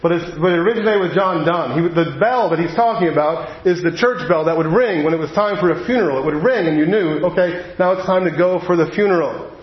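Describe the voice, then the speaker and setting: A man preaching a sermon, telling a personal story in an earnest way and slowing down on the heavy moments. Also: fairly high pitch. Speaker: pastor. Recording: echoey hall, dull lo-fi sound.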